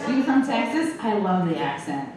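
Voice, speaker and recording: A woman's voice: medium pitch, big pitch swings, moderate pace, a crowd in the background. Brash, foul-mouthed woman comic. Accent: New York. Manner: brash, profane, teasing. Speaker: stand-up comedian. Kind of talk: stand-up crowd work. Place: comedy club stage. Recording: echoey live club audio from a distance. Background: audience noise.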